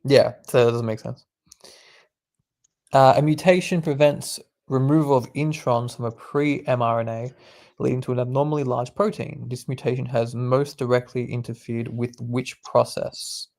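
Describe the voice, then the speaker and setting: Young man with a gravelly voice reading quiz questions. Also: medium pitch, fairly even intonation, normal speed, a little mellow. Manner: reads questions aloud, explains answers, laid-back slang. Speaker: medical student streamer. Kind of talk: casual quiz study session.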